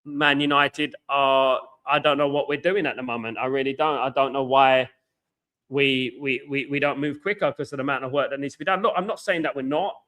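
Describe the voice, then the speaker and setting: A married man from hosting a football watchalong, talking fast and passionately, with lots of repetition and shout-outs to chat. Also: mid-range voice. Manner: excitable, buzzing, repeats phrases, reads chat aloud. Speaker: watchalong host. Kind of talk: casual live-stream chat. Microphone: headphones with mic.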